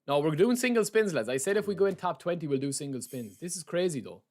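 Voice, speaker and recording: A young Irish man streaming a game, chatty and excitable, talking to his chat as "lads" and saying he is sleep-deprived. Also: a little high, quick pace. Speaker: gaming streamer. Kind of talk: live stream chat while opening game packs.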